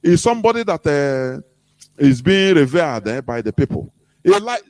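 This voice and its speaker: A man's voice: fairly high pitch, very animated, moderate pace, darkish tone, dry recording. A man with a Nigerian English accent giving an impassioned political talk as a radio host, full of rhetorical questions. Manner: preaching, rhetorical questions, acts out quoted voices.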